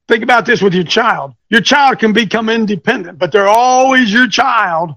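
A man coaching an audience, speaking in an animated, teasing way that quizzes listeners with questions and thinks aloud. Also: high-pitched, normal speed, hardly any pauses, no echo. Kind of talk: lecturing talk with rhetorical questions.

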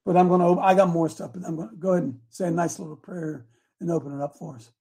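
A man preaching a fiery sermon who shouts his peaks and then drops to soft asides. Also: a little high, steady tone, fast, vocal fry, slightly rough. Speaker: preacher addressed as coach.

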